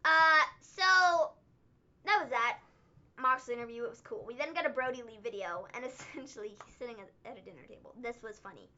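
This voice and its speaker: A woman co-hosting a livestream recap, talking in an animated, excitable way and laughing often. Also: a little high, a little fast, muffled recording. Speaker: wrestling show co-host. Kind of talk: casual livestream recap chat.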